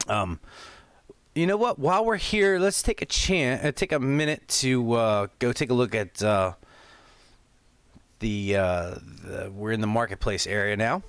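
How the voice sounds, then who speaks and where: A man's voice: medium pitch, lively intonation, measured pace, clear, resonant tone, no room sound. A man hosting a live stream, chatting casually with many fillers and apologies. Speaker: streamer commenting on a live event.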